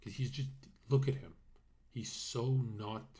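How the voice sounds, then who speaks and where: A man streaming, rambling through a casual story with animated storytelling. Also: medium pitch, measured pace, husky. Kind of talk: casual chat.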